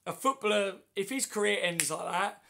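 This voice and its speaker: Male stream host, high-pitched and gravelly, hoarse with flu, chatty and matey with viewers. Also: lively intonation, normal speed, sharp tone, a little hiss or hum. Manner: chatty, matey, answers comments one by one. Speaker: livestream host. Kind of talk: casual livestream chat reading viewer comments. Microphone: phone.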